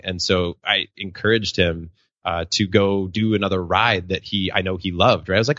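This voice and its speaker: Man, professional speaker, animated storyteller, low voice, slightly muffled recording. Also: brisk, no echo. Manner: animated, acts out quotes in a raised voice. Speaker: podcast guest, professional speaker. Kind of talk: storytelling interview answer.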